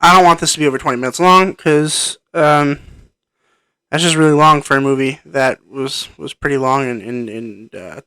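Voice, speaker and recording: Man, casual film review, hesitant and rambling, smooth clear voice, dry close sound. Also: fairly high pitch, a bit bright, no echo. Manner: rambling, hesitant, many ums and restarts. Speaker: movie reviewer. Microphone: microphone plugged into a computer.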